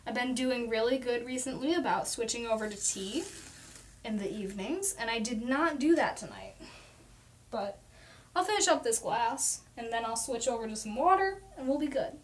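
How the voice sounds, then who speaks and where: A young woman from Oklahoma hosting a casual live stream at home, talking fast and rambling chattily. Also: on the high side, animated. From Oklahoma, USA. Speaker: livestream host. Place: at home at her desk.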